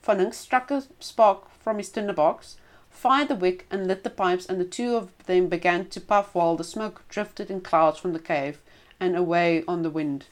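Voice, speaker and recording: A woman reading a folk tale aloud as storyteller, expressive with small stumbles and restarts. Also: fairly low pitch, normal speed.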